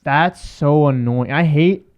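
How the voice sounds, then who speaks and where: A man's voice: fairly high pitch, takes it slowly, clean tone, highs cut off. A man in his twenties co-hosting a podcast in casual chat, laid-back, laughing often and leaning on "like.". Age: 20s. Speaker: podcast co-host.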